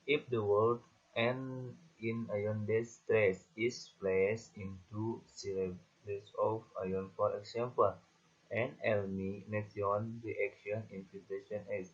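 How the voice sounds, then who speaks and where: A man with an Indonesian accent slowly reads lists of example words for a class presentation. His voice is low and husky, in a flat monotone. The recording sounds dull and lo-fi. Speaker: student presenter.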